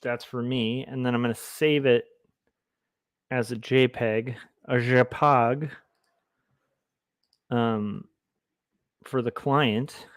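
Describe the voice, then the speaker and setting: A man's voice: mid-range voice, steady tone, takes it slowly, pauses often, clean tone, no echo. A man streaming while he draws comics, chatting casually, reading chat aloud and rambling in a goofy, self-deprecating way. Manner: goofy, rambling, reads chat aloud, tries silly voices. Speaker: comic artist livestreamer.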